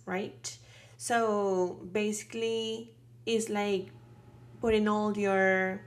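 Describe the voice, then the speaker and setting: A woman teaching a beginner language lesson, patient and explanatory, checking in with "right?" and pausing on fillers. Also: mid-range voice. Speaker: Spanish teacher.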